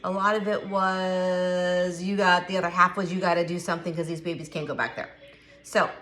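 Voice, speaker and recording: A woman's voice: on the low side, flat delivery, normal speed, fairly bright tone. A middle-aged woman chatting candidly to camera, emphatic and given to repeating herself. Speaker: vlogger. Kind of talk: casual chat to camera.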